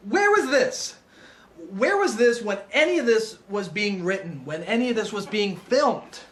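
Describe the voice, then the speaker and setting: Excitable ranting man with a bright voice. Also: moderate pace. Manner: excitable, swings from shouted outbursts to low mutters, stammers and restarts. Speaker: film reviewer. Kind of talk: impassioned unscripted rant.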